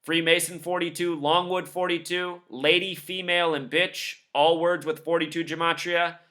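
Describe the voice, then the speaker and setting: A video commentator's monologue runs over news clips as he lists numbers one by one, scornful and emphatic. The delivery is flat and moderately paced, with a fairly high pitch and a sharp edge.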